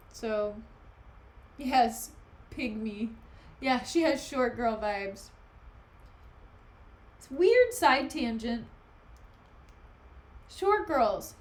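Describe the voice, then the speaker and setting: A young woman streamer reading a play aloud and chatting sarcastically about it in slang. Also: a little high.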